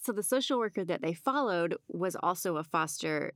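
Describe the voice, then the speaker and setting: Brief: playful woman co-host, lively voice, dry close recording. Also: lowish voice, moderate pace, dry recording. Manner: animated, playful, acts out quotes. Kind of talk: casual chat.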